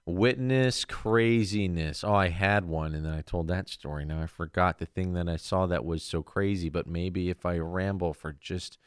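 A man's voice: deep voice, steady tone, moderate pace, few pauses, clear, resonant tone, dry recording, clean studio sound. A young man co-hosting a casual podcast, telling loose, profane stories and acting out the voices in them. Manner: rambling storyteller, loose and profane, acts out voices in quotes. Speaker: podcast co-host.

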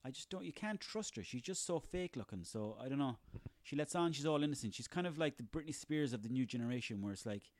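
A man's voice: mid-range voice, lively intonation, quick pace, few pauses. An Irish man in his thirties delivering a sarcastic, profanity-laden comic rant on his own. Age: 30s. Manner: profane, sarcastic, ranting, rambling.

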